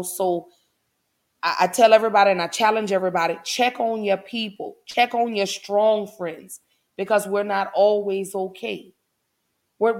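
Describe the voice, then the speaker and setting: A young adult woman hosting her podcast live, talking passionately and tearfully to viewers and repeating phrases for emphasis. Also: medium pitch. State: tearful, emotional. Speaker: podcast host. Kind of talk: emotional livestream talk to viewers. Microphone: camera livestream.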